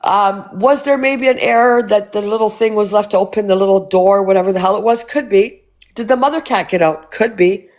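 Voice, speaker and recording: A woman's voice: mid-range voice, a little fast, darkish tone. A woman hosting a casual livestream, blunt and swearing freely as she asks rhetorical questions. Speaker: livestream host.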